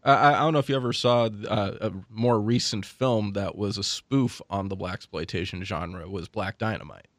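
A man co-hosting a podcast in an easygoing, agreeable way, quick to laugh. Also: lowish voice, dry recording. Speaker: co-host. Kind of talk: casual chat.

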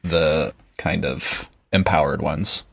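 A man with a very low voice co-hosts a casual book chat. He reads passages aloud between the talk and laughs easily. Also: fairly even intonation, slow, creaky, fairly bright tone, husky. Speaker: podcast co-host.

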